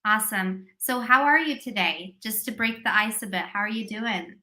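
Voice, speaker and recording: A woman's voice: medium pitch, moderate pace, sharp tone. A woman hosting a live-stream interview for teacher entrepreneurs over a video call, upbeat and effusive with her praise. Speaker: host of teacher business coaching live stream.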